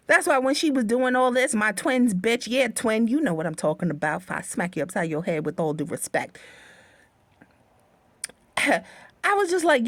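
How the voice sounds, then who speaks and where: A woman telling a story from her own life to her viewers, animated and profane, often calling them honey bunnies, speaking into a phone. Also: a little high, unhurried, pauses often, dry recording, clean studio sound. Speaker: livestream host.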